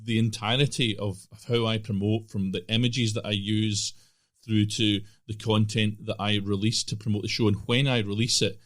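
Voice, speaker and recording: A man's voice: on the low side, level tone, normal speed, fairly bright tone. A man hosting a podcast interview, talking casually and often stopping and restarting his sentences. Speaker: podcast host.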